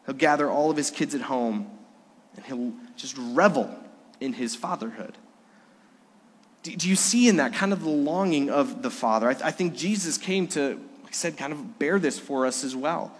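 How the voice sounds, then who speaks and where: A middle-aged male pastor preaching a Sunday sermon in a church, earnest, moving between loud emphasis and hushed, soft lines. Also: fairly high pitch, moderate pace, slightly rough. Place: church sanctuary during a Sunday service. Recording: echoey sanctuary reverb.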